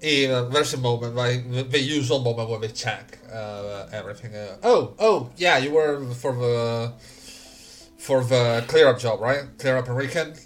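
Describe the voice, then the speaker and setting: A man voicing a male dig company employer on a call, halting and full of fillers. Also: medium pitch, soft background music, close to an everyday voice. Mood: surprised. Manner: hesitant, halting with many fillers.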